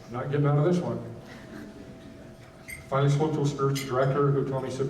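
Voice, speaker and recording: A man delivers a keynote testimony in a banquet hall, speaking earnestly and haltingly, often restarting his sentences. His voice sits on the mellow side and carries a roomy hall echo. He stands a little away from the microphone, with a faint rumble underneath. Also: flat delivery, distant mic. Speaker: nonprofit founder giving a keynote. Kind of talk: personal testimony speech.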